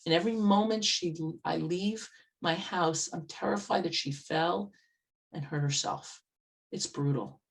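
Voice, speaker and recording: A woman's voice: fairly low pitch, unhurried, distant mic. A woman voicing a stressed, angry woman shopper in a grocery line who keeps repeating herself indignantly. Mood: distraught.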